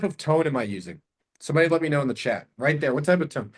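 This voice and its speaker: A man's voice: on the high side, animated, quick pace, husky. A man teaching a live online sales training, talking casually and straight to his audience, often ending points with "right?" or "okay?". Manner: conversational, repeats tag questions, addresses the audience directly. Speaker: sales coach.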